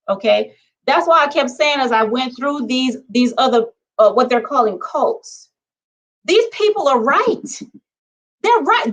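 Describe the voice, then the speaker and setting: A woman vlogger speaking in a casual monologue, conversational and animated, checking in with her viewers and counting off her points. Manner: conversational, punctuates points with "okay?" and numbered lists; animated, swings between low asides and excited high bursts.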